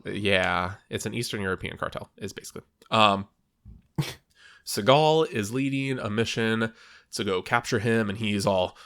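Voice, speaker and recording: A young man with a fairly low voice casually walks through a movie plot on a podcast. His talk rambles, full of fillers, and he acts out bits of dialogue. He sounds relaxed and chatty. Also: moderate pace, clean tone. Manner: rambling, filler-heavy recap with quoted voices. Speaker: podcast co-host. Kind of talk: casual movie recap chat.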